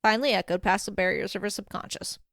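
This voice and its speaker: A woman narrating a fanfiction audiobook in a steady, expressive reading. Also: mid-range voice, quick pace, no echo, studio quality.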